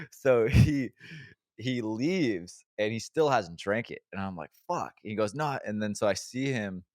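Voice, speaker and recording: A young man co-hosting a casual podcast, telling a story with lots of swearing, his voice climbing loud and high whenever he laughs at his own tale. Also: lively intonation, slow pace, no room sound, studio quality. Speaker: podcast co-host. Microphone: remote podcast mic.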